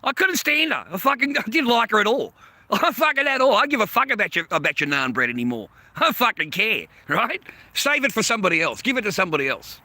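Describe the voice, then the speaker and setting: Middle-aged male streamer, high bright voice, profane blunt ranting monologue. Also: very animated, fast, no echo. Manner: crude, profanity-heavy, blunt. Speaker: livestreamer.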